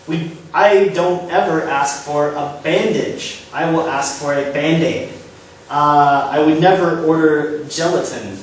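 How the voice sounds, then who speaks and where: Young male lecturer, a bit high-pitched, halting with fillers; heard from afar in a reverberant hall with faint hiss. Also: distant mic. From United States, Kansas. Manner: explanatory, with frequent "uh" fillers and self-corrections. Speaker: guest speaker giving a public talk. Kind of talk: lecture to a live audience.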